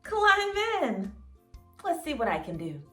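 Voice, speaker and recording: A woman's voice: fairly high pitch, wildly swooping pitch, slow pace, heavily acted. A woman voicing a brave, cheerful little male truck from a children's storybook. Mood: plucky. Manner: bright, plucky and friendly. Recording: roomy sound, mic at a distance, faint music.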